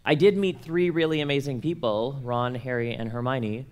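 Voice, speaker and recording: A man's voice: medium pitch, normal speed, background noise. A young man from Canada telling a personal story to an audience, acting out the voices of the people in it. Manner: animated, acts out quoted voices. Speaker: speaker at a church conference.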